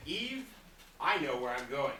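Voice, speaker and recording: Stubborn bickering husband played by a woman, low and bright, roomy stage sound from afar. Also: animated, normal speed, a little hiss or hum. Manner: defensive, bickering, sarcastic. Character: stubborn male Adam, won't ask directions. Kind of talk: stage acting in a class showcase. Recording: roomy hall from far off.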